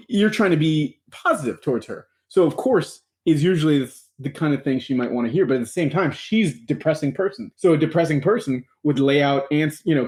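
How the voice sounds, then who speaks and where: A man's voice: fairly high pitch, a little mellow. Laid-back man chatting on a podcast. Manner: laughs often, rambling with restarts. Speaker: podcast co-host. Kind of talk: casual chat reviewing a show.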